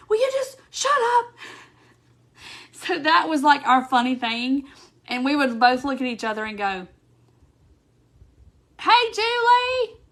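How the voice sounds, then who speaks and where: This woman has a high, fairly bright voice and laughs frequently while chatting through viewer comments on her casual craft stream, calling people by name. The audio comes from a phone or webcam on the live stream.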